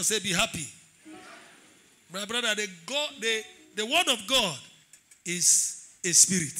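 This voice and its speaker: Pastor, male, sermon delivery with shouted declarations; sharp, high voice. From Nigeria. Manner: preaching with call-and-response, swelling into shouted declarations.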